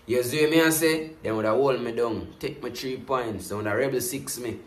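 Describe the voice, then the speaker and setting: In a roomy-sounding recording, a Jamaican man with a medium-pitched voice talks at normal speed while reacting to a music video. His patois commentary is casual and animated, repeatedly circling back to the same catchphrases.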